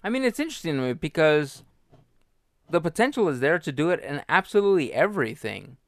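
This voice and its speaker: A man's voice: a little high, very animated, fairly quick, fairly bright tone, dry recording, clean studio sound. A man in a casual podcast chat about theme parks, opinionated, hedging at first and then blunt.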